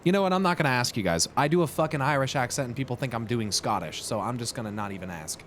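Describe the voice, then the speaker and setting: A man's voice: medium pitch, lively intonation, quick pace, a bit bright, slight background noise. A man doing casual, jokey gameplay commentary, reading game dialogue aloud, laughing and swearing now and then. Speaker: game streamer.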